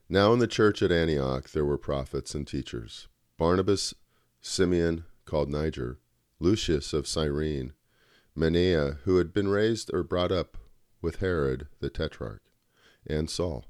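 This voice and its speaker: Man with a cold, nasal and very low-pitched, earnest devotional host reading scripture, dry close mic. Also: darkish tone, dry recording. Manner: earnest, halting, with restarts. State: has a cold. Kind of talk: prayer and Bible reading.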